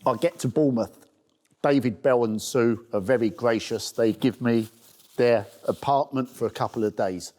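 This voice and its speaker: Here the middle-aged man from the UK speaks at medium pitch and a moderate pace. Recounting his charity walk diary-style, he tells it as a story and does lively impressions of the people he came across.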